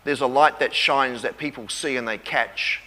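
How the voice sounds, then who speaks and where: A man's voice: mid-range voice, normal speed, sharp tone. A man preaching a sermon with testimony, earnest, repeating phrases and calling for amens. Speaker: pastor. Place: church hall. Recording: echoey hall reverb.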